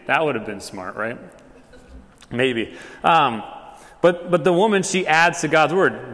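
A man's voice: on the high side, animated, unhurried, long pauses, fairly bright tone, long reverb tail. A man giving a sermon as a pastor, talking in a loose, conversational way with lots of fillers and asides. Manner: casual, conversational preaching with many fillers.

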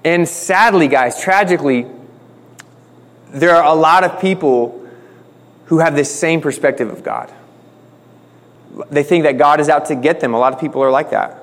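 A pastor preaching a sermon in a casual, conversational way, joking and acting out the quotes. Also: male voice, a little high, normal speed, pauses often, in a large hall.

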